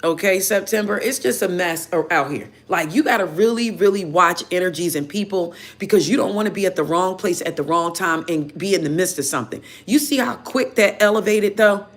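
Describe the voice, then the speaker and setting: A woman tarot reader casually telling viewers a story in an animated, chatty way, full of "you know" fillers. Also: fairly low pitch, brisk, few pauses. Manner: animated, chatty, heated when retelling.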